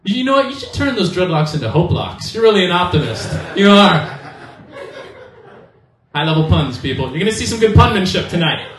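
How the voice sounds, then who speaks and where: A man doing a loose, rambling stand-up set on a comedy club stage, with bursts of shouting. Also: sits high, very animated, brisk. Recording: echoey room, distant mic, faint noise.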